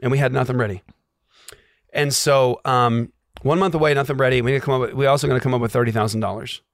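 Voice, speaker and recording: A man sharing a personal faith testimony, acting out the dialogue and dropping to a hush at tense moments. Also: mid-range voice, steady tone, fast talker, dry recording, clean studio sound. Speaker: guest telling a personal story.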